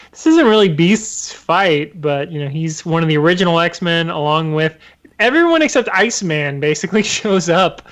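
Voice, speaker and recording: A man with a smooth, resonant voice pitched a little high chats about comics. He laughs readily and drops in bits of trivia. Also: fairly bright tone. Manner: laughs easily, adds trivia. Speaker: podcast co-host. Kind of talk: casual comics chat.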